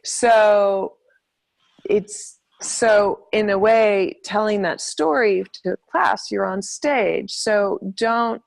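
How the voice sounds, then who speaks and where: A woman's voice: mid-range voice, very slow, creaky. A woman in casual conversation, talking reflectively and hesitantly as she searches for her words.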